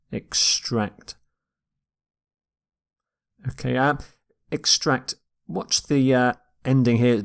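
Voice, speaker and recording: A man gives a vocabulary lecture at an unhurried pace, saying each word slowly. He repeats key words to model their pronunciation, in a voice of middling pitch. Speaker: English teacher.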